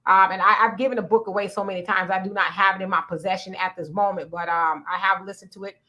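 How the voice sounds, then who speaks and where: A woman's voice: mid-range voice, fairly even intonation, fast, pushed and bright, lo-fi sound. Chatty woman co-hosting a livestream. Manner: chatty, many fillers and restarts. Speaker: livestream co-host. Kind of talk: casual livestream chat, reading comments.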